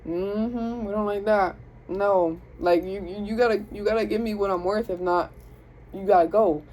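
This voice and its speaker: Mellow-voiced Southern woman reading tarot. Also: mid-range voice, fairly even intonation, normal speed, a little hiss or hum, rough recording. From Southern United States. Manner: chatty, slangy, self-interrupting, talks to spirit and viewers. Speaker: tarot reader. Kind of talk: casual spoken tarot reading.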